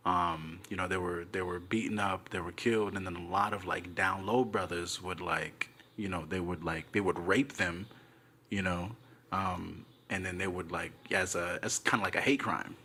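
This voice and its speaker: A man co-hosting a podcast in casual chat, laid-back, quick to laugh, trailing off and restarting his sentences. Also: sits low, fairly even intonation, pushed and bright, slight background noise. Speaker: podcast co-host.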